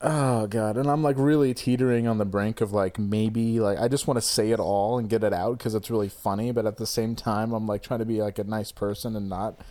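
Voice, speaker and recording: A man's voice: on the low side, fairly even intonation, a little fast, hardly any pauses, mellow. A man telling a breakup story in casual chat, rambling and swearing, often restarting and laughing.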